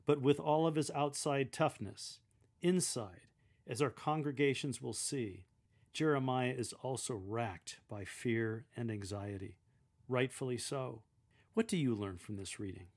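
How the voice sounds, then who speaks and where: A man giving measured, deliberate instruction on how to proclaim a scripture reading aloud, speaking clearly as a lector coach. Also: mid-range voice, a little mellow.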